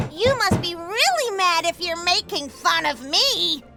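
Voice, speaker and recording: Spoiled, demanding little girl; very high, unhurried, game music underneath. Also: very animated, creaky, heavily acted. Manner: whiny, demanding.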